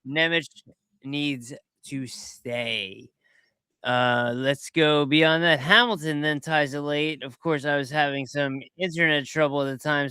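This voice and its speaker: A man hosting a podcast, talking casually and in a rambling way as he comments over video clips, quick to get excited. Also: a little high, clean tone, no room sound. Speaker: podcast host.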